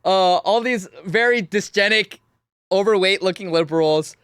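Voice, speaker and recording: A young man hosts a livestream, reacting to clips and talking straight to his chat. His voice is high and bright and swings widely in pitch. The sound is dry and close to the mic. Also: moderate pace, smooth, no echo. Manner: animated and mocking, talks to chat, laughs often. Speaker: livestream host.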